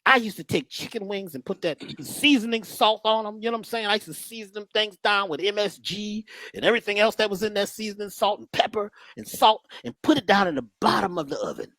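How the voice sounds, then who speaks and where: Lively, joking man telling stories. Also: sits high, a little fast, few pauses, no room sound. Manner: lively, joking, preacherly, folksy. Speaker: guest speaker. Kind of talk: animated storytelling talk.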